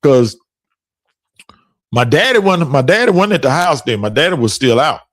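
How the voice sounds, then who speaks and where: Middle-aged male podcast host, lively storyteller with a fairly high voice who laughs a lot, dry close sound. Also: normal speed, no echo. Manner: animated, laughs often while telling stories. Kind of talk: casual storytelling chat.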